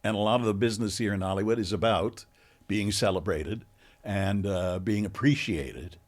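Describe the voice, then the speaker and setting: A man hosting a podcast interview, chiming in with short, relaxed remarks. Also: lowish voice, normal speed. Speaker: podcast host.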